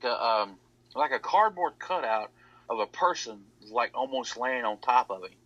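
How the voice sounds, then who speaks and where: A man's voice: mid-range voice, lively intonation, normal speed, fairly bright tone, no echo. A man telling a rambling story, repeating "he said" over and over. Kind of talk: casual storytelling. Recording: dull lo-fi audio.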